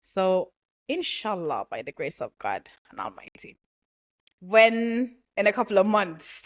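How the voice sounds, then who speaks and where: A young woman from Ghana hosting a podcast, chatting casually, laughing often and dropping into Caribbean slang. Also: mid-range voice. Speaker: podcast host. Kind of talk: casual chat.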